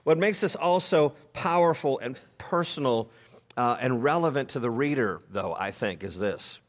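A man's voice: mid-range voice, animated, normal speed. Man preaching a casual, joking sermon. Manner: informal, joking asides, frequent fillers and restarts. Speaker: pastor. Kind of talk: conversational sermon.

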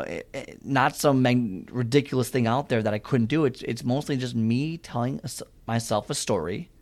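A man's voice: medium pitch, darkish tone. Earnest man giving a motivational talk. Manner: earnest, conversational storytelling. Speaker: fitness motivational speaker.

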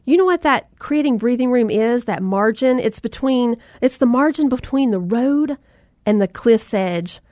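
Lively Southern mom telling a story. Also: female voice, a little high, moderate pace, no echo, studio quality. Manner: animated storyteller, acts out voices, talks to audience directly. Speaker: mom and motivational speaker. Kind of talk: storytelling talk with faith encouragement.

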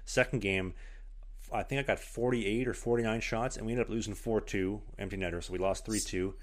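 Low-voiced man telling a story on a podcast. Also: brisk. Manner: animated, lots of "like" fillers, acts out quotes. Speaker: podcast host, hockey goalie. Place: one-bedroom apartment.

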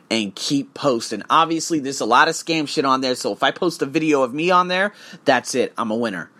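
A man's voice: medium pitch, bright, forceful tone. A man coaching for English tests, talking in a casual vlog monologue, profane and emphatic as he tells his story.

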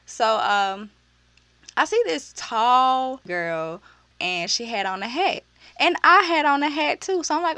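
A young woman telling a story in a casual vlog, animated and sassy, full of slang and profanity, jumping into high voices when she quotes people. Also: unhurried, no echo. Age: young adult. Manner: uses slang and profanity freely.

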